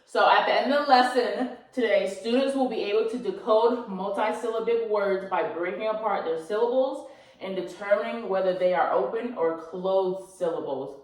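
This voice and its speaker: A woman's voice: medium pitch, moderate pace. A woman teaching a phonics lesson to a class, patient and checking in often with the students. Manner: patient, checks in often with okay and all right. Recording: echoey room, from far off.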